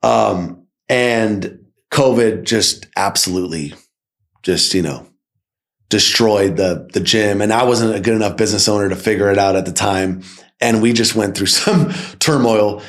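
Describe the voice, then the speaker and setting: A man, a podcast guest and sales company founder, telling his story in a casual, energetic way and often checking in with "right?". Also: fairly low pitch, unhurried.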